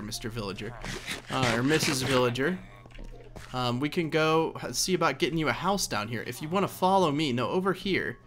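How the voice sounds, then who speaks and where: A man's voice: medium pitch, expressive, fairly quick, fairly bright tone. A young man casually commenting on his own gameplay, rambling and laughing at himself as he goes. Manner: chatty, rambling, laughs at himself, coaxes in-game characters. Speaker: let's play host.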